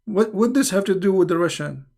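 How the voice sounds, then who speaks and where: Man, somewhat high voice with gravelly fry, emphatic, scolding stream host who repeats himself. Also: animated, brisk, warm tone. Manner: restarts often, repeating words. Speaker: online show host answering viewer questions. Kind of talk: live stream Q&A commentary.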